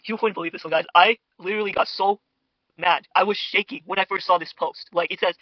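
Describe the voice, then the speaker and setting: A man's voice: high voice, steady tone, fast, dry recording, muffled recording. A young man rambling in a gossipy, mock-outraged way as host of a parody internet drama commentary, full of fillers and asides to viewers. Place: home dinner table. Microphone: podcast mic.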